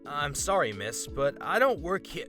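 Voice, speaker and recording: A man reading the lines of a composed young woman police cadet, calm and firm. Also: on the high side, unhurried, over music.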